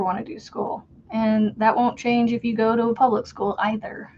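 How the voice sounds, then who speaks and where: A woman's voice: on the high side, level tone, moderate pace, slight background noise. Chatty woman crochet streamer, lo-fi sound. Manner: chatty and rambling, laughs at her own stories. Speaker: crochet livestream host and homeschool mom. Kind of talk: casual chat while crocheting. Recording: dull lo-fi stream audio.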